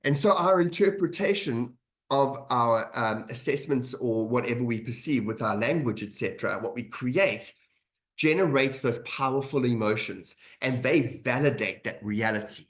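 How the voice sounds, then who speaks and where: A man's voice: mid-range voice, moderate pace, fairly bright tone. Male webinar presenter, mid-range voice, chatty lecture on leadership, repeats lines to drive points home. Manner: conversational, repeats key phrases for emphasis. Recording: webinar audio.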